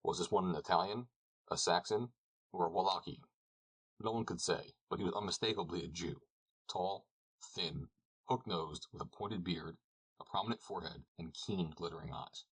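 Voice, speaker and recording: A man narrating an audiobook, reading calmly and evenly. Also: low voice, normal speed, husky, rough recording. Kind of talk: scripted narration.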